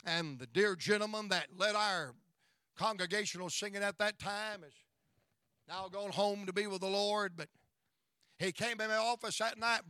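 A middle-aged male pastor tells stories in a sermon, emphatic and folksy, frequently breaking into praise. His high voice is pushed and bright at normal speed, with a clean tone in clean studio sound with no echo.

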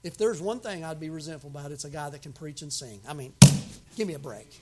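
A man preaching a sermon as pastor, emphatic, with sudden loud outbursts and folksy humor. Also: on the high side, quick pace, heavy background noise.

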